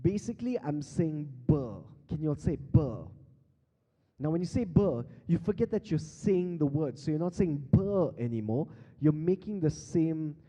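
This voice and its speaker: Long hall reverb from the stage PA surrounds this beatbox performer as he runs an interactive workshop in a large conference hall. His voice sits on the high side, expressive and mellow, moving at a moderate pace with few pauses. He teases the crowd with quiz questions on a handheld mic and laughs often.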